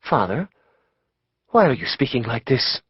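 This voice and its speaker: A man's voice: medium pitch, big pitch swings, a little slow, breathy edge, dry recording, highs cut off, heavily acted. A male audiobook narrator voices a frightened, pleading mother in a raised voice. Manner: anxious, pleading. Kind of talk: audiobook character voice.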